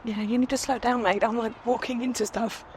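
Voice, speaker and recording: A man's voice: very high voice, flat delivery, a little fast. Off-camera man, brief questions, outdoors, faint street noise. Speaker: camera operator.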